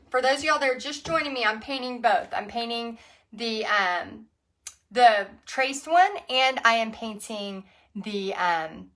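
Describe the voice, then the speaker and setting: A woman's voice: fairly high pitch, sharp tone, a little hiss or hum. A Texan woman leading a live-streamed painting lesson, chatty and giggly, greeting viewers by name as she paints. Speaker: paint party instructor.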